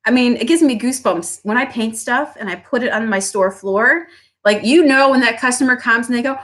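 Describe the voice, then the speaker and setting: A woman who owns a small business, giving a motivational talk on pricing, often asking "right?" and acting out customers. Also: fairly quick. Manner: animated, acts out customers in high voices, asks "right?" often.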